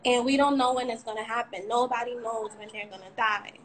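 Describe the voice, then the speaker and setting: A woman's voice: fairly high pitch, steady tone, a little fast, a bit bright, poor audio. A young woman telling a candid, rambling personal account of a frightening ordeal on a livestream, cursing now and then. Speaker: shooting survivor sharing her story.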